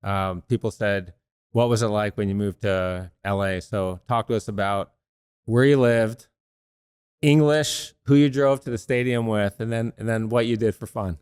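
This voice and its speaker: A man hosts the interview, his voice low and smooth. He recaps the story before he asks his question, and the sound is dry and close. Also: normal speed, darkish tone, dry recording. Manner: leading, summarizing questions. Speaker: podcast host, interviewer.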